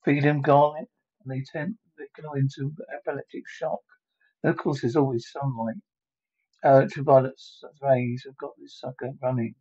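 A man voicing a gruff older male vampire hunter mentor in a script reading, with a husky voice. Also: medium pitch, level tone, normal speed, a little mellow, close to an everyday voice. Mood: matter-of-fact. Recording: dull lo-fi recording.

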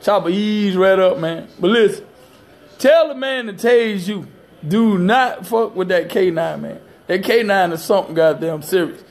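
High-voiced man, cussing and laughing. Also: a little slow. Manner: profane, emphatic, laughing often. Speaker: storyteller recounting a police dog bite. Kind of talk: casual storytelling to camera.

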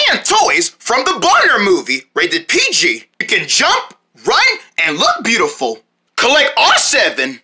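A woman voicing homemade parody cartoon ads, playfully jumping between character voices and shouted cries. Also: high-pitched, breathy edge.

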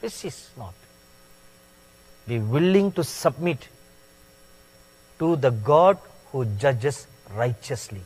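A man preaching a sermon in a slow, deliberate way, stressing words with sudden loud peaks. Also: medium pitch, animated, slightly rough. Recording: long hall reverb.

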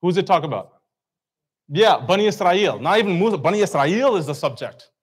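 Man, slightly high voice, informal religious talk, conversational, audience questions, acted-out reactions. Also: animated, a little fast, slightly rough. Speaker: speaker at a community talk. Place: event hall.

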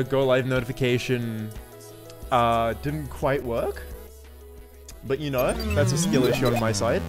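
A man streaming live in casual chat, greeting viewers by name and laughing often as he swings from loud yelps to mumbles. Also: fairly high pitch. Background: faint looping music.

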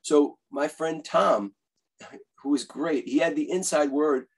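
A husky man, his voice sitting a bit high for a man. He tells eager stories in a casual interview and acts out what others said. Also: a little slow, low-quality recording. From Bronx, New York. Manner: animated, eager storyteller who acts out quotes. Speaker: guest author and musician.

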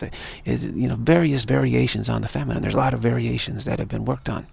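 A man's voice: medium pitch, steady tone, moderate pace, creaky, a little mellow, slightly rough. A man giving an emphatic, repetitive live-streamed monologue, warning his listeners again and again. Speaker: speaker of a live-streamed show.

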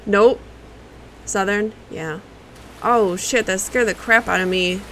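A woman's voice: medium pitch, steady tone, slow, fairly bright tone, a little hiss or hum, low-quality recording. A woman livestreaming a video game, reacting with curses and chatting to her viewers. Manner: profane, reactive, talks to chat. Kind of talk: casual live gameplay commentary.

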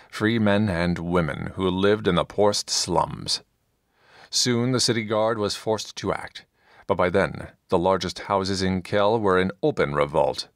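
A male narrator reads a fantasy story in a measured, steady manner. His voice is on the low side and the studio sound is dry and close. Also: dry recording. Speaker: audiobook narrator. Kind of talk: scripted narration.

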